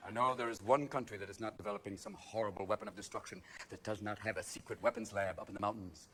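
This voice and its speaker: A man's voice: fairly low pitch, steady tone, fast, few pauses. A man doing stand-up comedy on a theater stage, manic and profane, jumping between voices. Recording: live show, loud audience noise.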